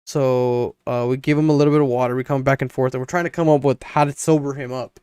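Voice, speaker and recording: A man's voice: mid-range voice, fairly even intonation, fast talker, a little mellow, smooth, no room sound, studio quality. A young man co-hosting a podcast, telling a long story in a rambling casual way and acting out his friends' lines. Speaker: podcast co-host.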